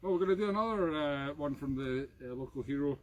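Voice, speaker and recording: A man's voice: expressive, quick pace. A Scottish man hosting a live music stream, joking playfully and mocking himself. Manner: playful, self-mocking, with sudden high squeals at the dog. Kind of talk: jokey live-stream banter. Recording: noisy background.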